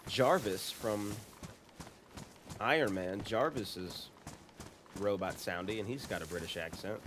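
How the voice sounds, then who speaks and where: A man's voice: fairly low pitch, unhurried, noisy background. A man chatting casually on a live game stream, playful, laughing often and greeting viewers in chat. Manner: laughs often, playful, trying silly voices.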